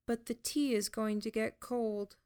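A woman's voice: fairly high pitch, steady tone, a little slow, warm tone, clear, resonant tone, voice pushed up, close to an everyday voice. A woman voicing a timid, childlike stitched girl with a small, hesitant, pleading voice. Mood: meek, anxious. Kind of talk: audiobook character voice.

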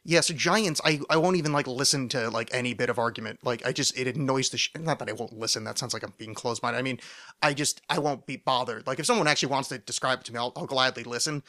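A man's voice: mid-range voice, fast, sharp tone. A man hosting a solo podcast, rambling in a loose monologue with many fillers, restarts and frequent swearing. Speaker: podcast host.

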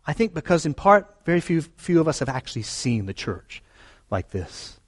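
Male pastor, emphatic sermon delivery, slightly higher voice, repeats phrases for emphasis. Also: big pitch swings, normal speed. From United States.

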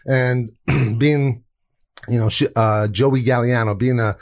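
A man's voice: medium pitch, steady tone, slow pace. A man, a chef guest telling stories in a casual, rambling interview, laughing often and restarting sentences. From New York.

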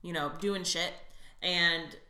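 A woman's voice: lowish voice, fairly even intonation, slow, pushed and bright, echoey room. A woman in casual chat about a comic, blunt and casually swearing. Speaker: co-host discussing a comic.

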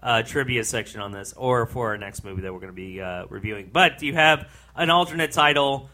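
Bright-voiced man rambling through a movie review. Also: mid-range voice, brisk. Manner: rambling, laughing often, restarts a lot. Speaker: podcast co-host. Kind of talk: casual movie-review chat.

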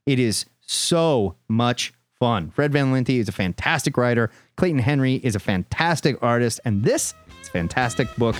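Animated man hosting a comic podcast. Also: medium pitch, normal speed, hardly any pauses, faint music behind. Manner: enthusiastic, hyped announcer bursts. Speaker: podcast co-host. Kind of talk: casual comic book podcast chat.

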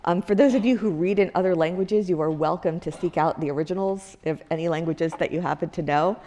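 A woman with a low voice gives a university lecture. She talks to the class in a loose, conversational way, full of fillers and restarts. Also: quick pace, warm tone. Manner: conversational, many fillers and self-corrections, occasional laughs. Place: lecture hall.

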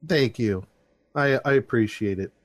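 A man's voice: mid-range voice, unhurried, dry recording. A middle-aged man hosting a casual podcast, reading listener reviews aloud with jokes, close to a dry mic. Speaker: podcast host.

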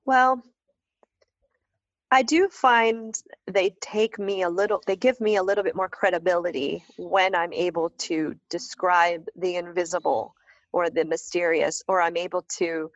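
A woman's voice: lowish voice, measured pace, dry recording. Woman telling stories on a dull, dry recording. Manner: animated, acts out quoted voices. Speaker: guest. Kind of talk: conversational storytelling.

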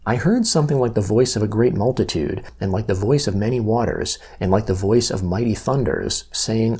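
Male Bible reader, husky and mellow, measured scripture reading. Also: lowish voice. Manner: measured, even-paced reading with slow emphasis on key phrases.

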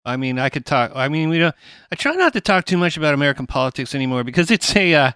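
A Canadian man hosts a casual chat with a bright, forward voice, chatty and agreeable. The sound is close and dry, with no room around him. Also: fairly high pitch, expressive, fast, clean tone, dry recording. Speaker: podcast host.

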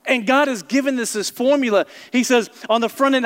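A male pastor with a high voice preaches with passion, repeating and stressing his phrases as he speaks straight to the congregation. His sermon rings through a large church hall with a long reverb tail. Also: a little fast, hardly any pauses, fairly bright tone.

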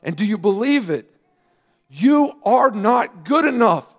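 High-voiced man preaching a sermon. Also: big pitch swings, slow pace. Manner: earnest preaching with rising emphatic questions and quiet asides. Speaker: pastor.

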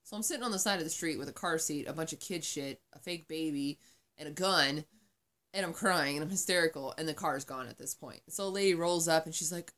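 A woman chatting casually, telling a story in a profane, animated way. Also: sits low, fairly quick. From Arizona. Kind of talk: casual chat.

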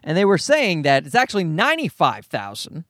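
A man in his forties talks through a solo podcast in a high, bouncy voice that leaps up and down. He rambles off on tangents, swears freely and makes fun of himself. The sound is dry and close, with no room around him. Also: wildly swooping pitch, fairly quick, fairly bright tone, no echo. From Canada. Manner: rambling, profane, self-deprecating. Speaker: podcast host. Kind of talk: casual solo podcast monologue.

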